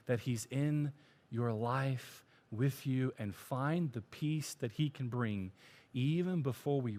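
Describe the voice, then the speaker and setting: A male pastor giving a sermon, climbing to emphatic peaks and dropping to near whispers. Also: medium pitch.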